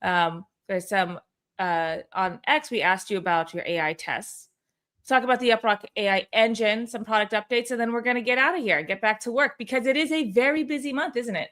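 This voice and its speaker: A woman with a slightly high, bright-sounding voice hosts a weekly company call. She chats in a loose, upbeat way, stumbling over fillers and restarting her sentences. She talks into a video-call mic. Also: a little fast. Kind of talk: casual livestream chat.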